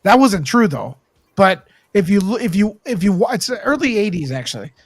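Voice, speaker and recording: A man's voice: high-pitched, very animated, brisk, no echo. A man hosting a casual livestream chat, joking and teasing his guests and swearing freely. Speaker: host.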